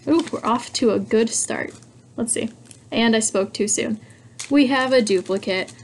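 A young woman talks her way through an unboxing, musing aloud in a casual, chatty way. She is quick to get excited and gushes over what she finds. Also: fairly high pitch, slight background noise. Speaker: hobby vlogger.

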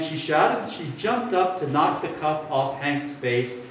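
A pastor speaking gently and playfully to a child at the front of a church, then reading a story aloud. His voice is fairly high and very unhurried. The sound is heavily echoey and comes from a mic some way off, with faint room noise. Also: animated, recorded from a distance. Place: church sanctuary. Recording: echoey sanctuary, mic from afar.

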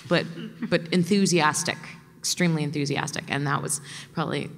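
A woman's voice: deep voice, steady tone, brisk. A woman, a voice actor, answering fan questions on a convention panel, chatty and thinking aloud as she goes. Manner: warm, laughs while talking, thinks aloud with fillers. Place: large convention hall. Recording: echoey convention hall.

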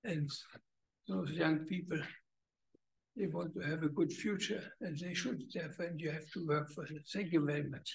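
An older man with a heavy German accent, a native German speaker, giving a welcome speech at a conference and searching haltingly for English words. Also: fairly high pitch, fairly even intonation, gravelly, reverberant, poor audio. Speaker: guest speaker. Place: conference villa hall.

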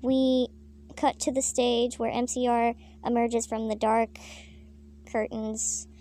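Woman, deadpan fanfic reader, high flat voice, crude asides. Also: slow pace. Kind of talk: comic story reading.

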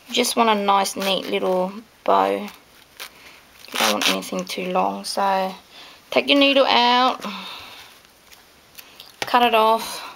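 A woman's voice: mid-range voice, gravelly, a bit bright, a little hiss or hum. A woman explaining sewing steps in a casual, chatty home tutorial, gushing over her handmade dolls. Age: adult with children. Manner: chatty and gushing, with many fillers. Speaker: craft tutorial maker.

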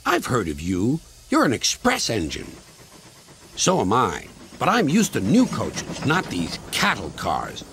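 A man's voice: mid-range voice, wildly swooping pitch, measured pace, a little hiss or hum, heavily acted. A man voicing a haughty, grumpy male steam engine in a snooty, complaining manner. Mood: haughty sulky. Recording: music playing loudly behind.

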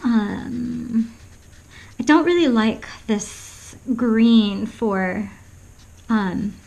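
A woman's voice: fairly high pitch, extremely slow, vocal fry, a little mellow, low-quality recording. A woman chatting casually while demonstrating a painting, rambling and hesitant with many ums, often dropping to a whisper and laughing at her own jokes. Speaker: art vlogger.

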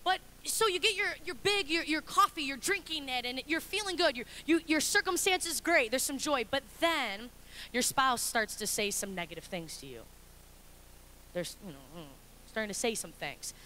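A young adult woman pastor preaching a sermon with animated, humorous storytelling. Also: high-pitched, normal speed, a little hiss or hum.

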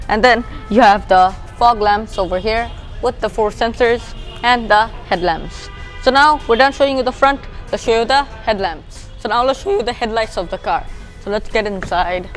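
A woman with a Bangladeshi English accent giving a casual walkaround car review outdoors, explaining features as she points them out, her voice drifting from the camera mic as she moves. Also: a little high. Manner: chatty, explanatory, points things out as she goes. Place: outdoors beside a parked car.

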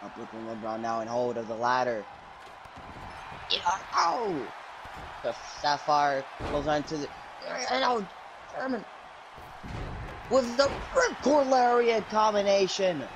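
High-voiced excitable male commentator. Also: unhurried, muffled recording, noisy background. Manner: jokey, bursts into high yelps when surprised. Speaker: host and commentator.

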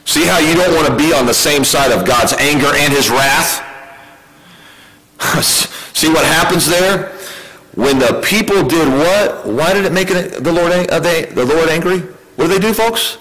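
A man's voice: on the high side, expressive, a little slow, pauses often, a bit bright, low-quality recording. A male pastor preaching a sermon in a conversational way, often asking his congregation questions. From United States.

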